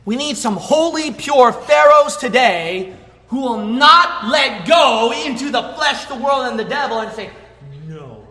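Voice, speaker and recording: A male preacher delivering a fervent sermon, high and bright in tone, building from quiet talk into shouted emphasis. His voice rings through a church hall with long, echoing reverb. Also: a little slow.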